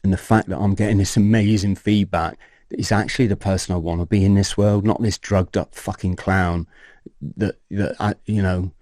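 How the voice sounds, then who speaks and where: A man, a podcast guest telling his personal story in an animated way, swearing and acting out scenes. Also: low-pitched, normal speed, no room sound, clean studio sound.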